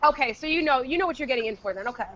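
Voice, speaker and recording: A woman's voice: sits high, expressive, rapid-fire, lo-fi sound, over a noisy crowd. A woman co-hosting a casual podcast chat, teasing and crude, laughing often. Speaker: podcast co-host.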